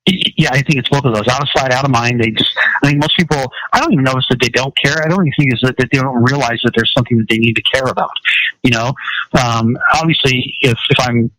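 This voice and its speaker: A man talking as a guest on a talk show, telling a rambling, animated story. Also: medium pitch, fast, dry recording, rough recording. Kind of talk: casual interview talk.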